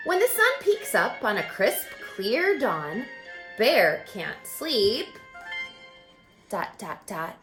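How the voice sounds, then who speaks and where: A woman teacher reading a picture book aloud in an expressive, playful way, then explaining it to children. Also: fairly high pitch. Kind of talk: read-aloud storytelling and lesson.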